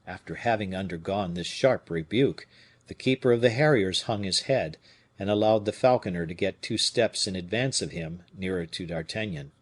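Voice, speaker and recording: A man narrating a classic novel as an audiobook, in a measured, even storytelling manner. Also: low-pitched.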